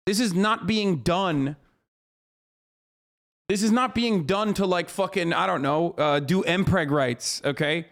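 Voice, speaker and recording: A man in his thirties, a streamer, ranting in exasperated casual commentary with lots of swearing. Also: sits high. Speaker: streamer reacting to a clip.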